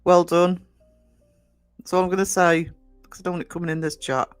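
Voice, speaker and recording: A middle-aged man from the North East of England with a soft Northumbrian accent, talking in a fairly high voice. He rambles through a casual livestream chat full of fillers and restarts. Faint music plays under him. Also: level tone, fairly quick, clear, resonant tone, no echo. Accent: Northumbrian English. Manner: rambling, greets chatters by name, many fillers and restarts. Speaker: livestream host. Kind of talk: casual chat to live viewers.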